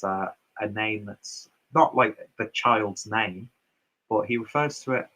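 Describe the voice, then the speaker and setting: A man's voice: on the low side, bright, forceful tone, slightly rough, dull audio. Chatty man reading out viewer comments. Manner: loose and chatty, with fillers and asides. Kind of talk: casual chat reading comments.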